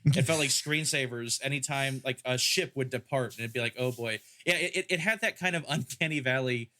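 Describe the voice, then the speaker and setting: A man's voice: medium pitch, fairly quick, sharp tone. A man in casual podcast chat, rambling through joking riffs.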